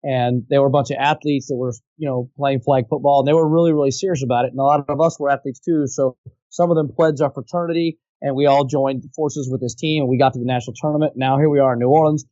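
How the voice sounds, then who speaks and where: A man, a voice actor guest, telling an animated, chatty story in a podcast interview. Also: mid-range voice, fast, dry recording, lo-fi sound. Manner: animated, chatty, slips into impressions.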